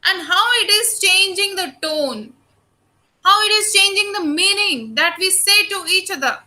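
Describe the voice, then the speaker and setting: A woman teacher with an Indian English accent giving an online lecture, explaining slowly and addressing her students often. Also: extremely high pitch, animated, bright, forceful tone, low-quality recording.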